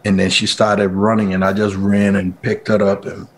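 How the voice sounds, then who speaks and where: A man's voice: lowish voice, normal speed. A middle-aged man from Liberia, telling his personal story as an interview guest and acting out what people said in a livelier voice. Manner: animated, acts out quoted speech in a raised voice.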